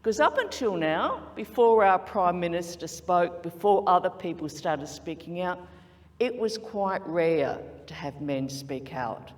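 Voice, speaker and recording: Slow, earnest Australian woman in a hall. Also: lowish voice, animated. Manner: earnest, emphatic, persuasive. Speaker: speech contestant. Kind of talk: prepared contest speech. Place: large conference hall.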